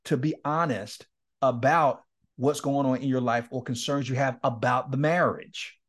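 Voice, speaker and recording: Animated man telling stories, laughing often. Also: mid-range voice, normal speed. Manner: animated, laughs often, acts out quoted dialogue. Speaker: guest speaker and men's ministry leader. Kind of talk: candid storytelling in a podcast interview.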